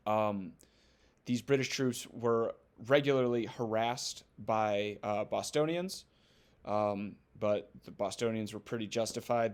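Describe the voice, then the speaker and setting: A man's voice: lowish voice, darkish tone. A man teaching a recorded history lesson in a loose, joking way, with many ums and playful asides. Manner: casual, joking, acts out quoted voices.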